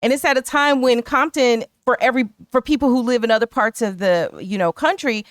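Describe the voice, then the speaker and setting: A middle-aged woman co-hosting a talk show, her voice sitting a bit high and coming through smooth and clear. She muses out loud, circling back with plenty of "you know." The sound is close and dry. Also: a little fast, no room sound. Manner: chatty, thinking aloud with many "you know"s. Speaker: podcast co-host. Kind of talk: casual chat.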